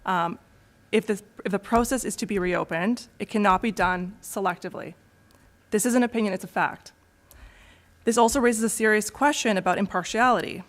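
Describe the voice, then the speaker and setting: A woman on a town council, raising a pointed objection in formal debate, halting with fillers and restarts. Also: medium pitch. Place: council chamber.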